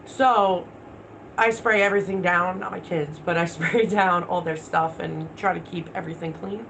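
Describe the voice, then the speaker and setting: A woman's voice: fairly low pitch, fairly even intonation, normal speed, gravelly, a bit bright, a little hiss or hum, poor audio. Blunt, swearing woman livestreaming. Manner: blunt, profane, talks back to viewer comments. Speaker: livestream host. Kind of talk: casual livestream chat.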